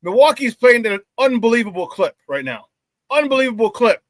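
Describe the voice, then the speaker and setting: A man hosting a live sports talk show, hyped and laughing often as he shouts out viewers in the chat. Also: extremely high pitch, very animated, a little fast, no echo.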